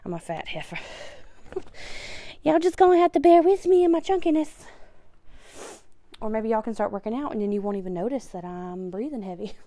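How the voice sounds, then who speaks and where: A woman's voice: on the high side, expressive, normal speed, pauses often, warm tone, dry recording. Breathless, chatty woman. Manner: chatty, laughs often, self-deprecating. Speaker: podcast host. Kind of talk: casual chat while tidying.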